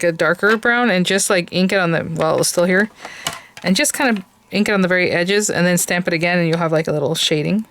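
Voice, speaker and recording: A woman's voice: fairly low pitch, a bit bright, slight background noise. A woman hosting a casual crafting tutorial, chatty and thinking aloud as she works. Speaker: crafting host.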